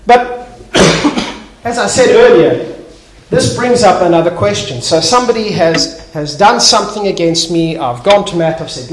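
A man's voice: high-pitched, a little slow. A man preaching a sermon as a pastor, acting out little everyday scenes as he tells them. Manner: animated storyteller acting out little scenes, with some restarts. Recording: echoey hall, faint noise.

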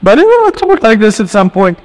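A man's voice: sits high, wildly swooping pitch, brisk, long reverb tail. A man preaching a sermon. He prays, then reads scripture in an earnest, plain voice while getting over laryngitis. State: recovering from laryngitis. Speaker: pastor. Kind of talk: sermon with prayer and scripture reading.

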